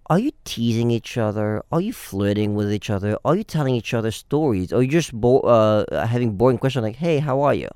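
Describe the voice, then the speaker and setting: Young male dating coach, playful and animated, clean dry close sound. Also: medium pitch, smooth, no room sound. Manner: animated, acts out phone calls with playful voices. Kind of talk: casual podcast advice.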